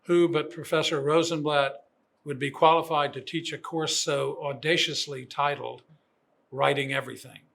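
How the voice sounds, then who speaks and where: An older man, a program director, giving formal commencement remarks in a measured, admiring way. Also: fairly high pitch, steady tone, gravelly, fairly bright tone. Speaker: program director introducing the speaker.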